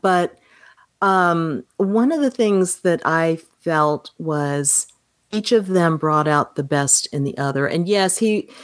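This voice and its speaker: A woman with a low voice, recorded dry and close. She talks through a film in relaxed podcast chat, lively, and slips into the characters' voices when she quotes them. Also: no echo. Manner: animated, acts out quoted lines. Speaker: podcast co-host. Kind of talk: casual film discussion.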